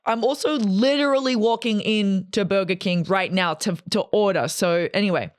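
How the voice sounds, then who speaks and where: A woman's voice: mid-range voice, normal speed. A woman, telling a story in a rambling, sarcastic, casual way while walking into a restaurant. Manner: rambling, sarcastic, self-deprecating. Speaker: vlogger. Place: walking into a fast food restaurant.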